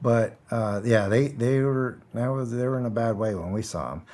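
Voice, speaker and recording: A man's voice: mid-range voice, moderate pace. A middle-aged man, a guest on an interview show, telling a story in a casual, blunt way, acting out the dialogue and chuckling often. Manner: animated storyteller, acts out quotes, chuckles. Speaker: guest, former security contractor.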